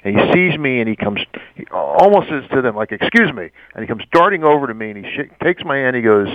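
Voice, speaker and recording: A man spins an animated anecdote as an interview guest, stammering and acting out the voices of the people in it. His voice sits at an ordinary mid pitch. The sound is dull and slightly muffled, with no room echo. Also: quick pace. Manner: acts out quoted voices, stammers and laughs often.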